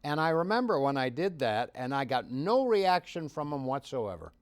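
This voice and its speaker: An older man tells stories in an interview, his voice swinging up and down as he gets loud and then soft. The sound is dry and close, with no room around it. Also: mid-range voice, sing-song, normal speed, no room sound. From Canada. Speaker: impressionist guest. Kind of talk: anecdotal interview storytelling.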